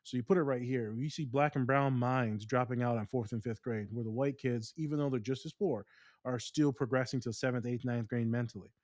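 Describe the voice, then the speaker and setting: A man co-hosting a podcast, talking casually and telling stories in long, animated rants. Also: medium pitch, fairly quick, no room sound, clean studio sound. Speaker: podcast co-host.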